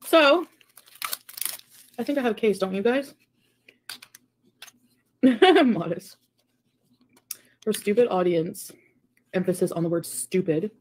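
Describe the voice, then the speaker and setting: A woman's voice: mid-range voice, very animated, measured pace, long pauses, a little hiss or hum. A young adult woman chatting on a stream, reading out comments from viewers. She tosses in dry, sarcastic asides between them. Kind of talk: casual livestream chat.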